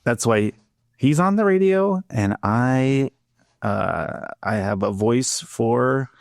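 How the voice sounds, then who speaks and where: A laid-back man from Long Beach with a general American accent chats as a podcast guest, joking easily and filling pauses with ums. His voice sits on the low side. The recording is dry and close. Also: very animated, vocal fry, dry recording. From California, Long Beach. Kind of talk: casual chat.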